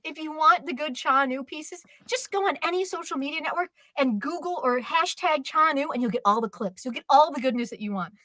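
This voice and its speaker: A woman co-hosting a live stream chat, ranting in an exasperated, animated way. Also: high voice, fairly quick, hardly any pauses, dry recording. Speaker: co-host.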